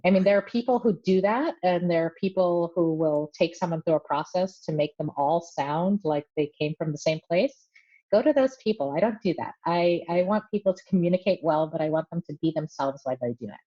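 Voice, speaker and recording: A woman voice coach, a guest on a podcast, explaining her work in measured terms with light laughs. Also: fairly low pitch, expressive, mellow. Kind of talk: casual podcast interview. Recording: slightly dull lo-fi audio.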